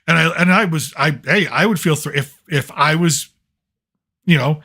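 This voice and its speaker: A middle-aged man telling a story in a casual monologue, animated and agitated, with frequent restarts. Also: fairly high pitch, normal speed. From United States. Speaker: channel host.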